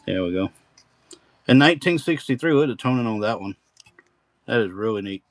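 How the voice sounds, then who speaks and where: A man's voice: fairly low pitch, expressive, a little fast, no echo, low-quality recording. A man hosting a live-stream coin auction with folksy, rambling auctioneer patter.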